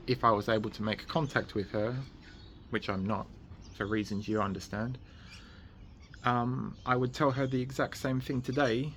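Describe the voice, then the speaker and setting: Man, middle pitch, slow and repetitive, recorded outside with faint noise behind. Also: a bit bright. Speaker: livestreaming vlogger. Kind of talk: personal monologue. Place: outdoors at the front of his house.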